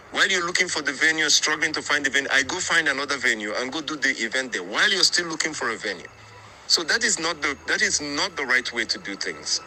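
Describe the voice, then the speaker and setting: An earnest man addresses his group in a conciliatory way, circling back over his points and repeating words. His voice is very bright and sharp. Faint noise sits under the recording. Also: medium pitch, low-quality recording. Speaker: group organizer.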